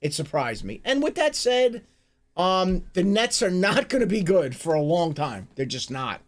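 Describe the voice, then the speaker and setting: A man co-hosting a live stream, talking sports in a casual, animated way, swearing and stumbling over restarts. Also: high-pitched, measured pace. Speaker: streamer co-host.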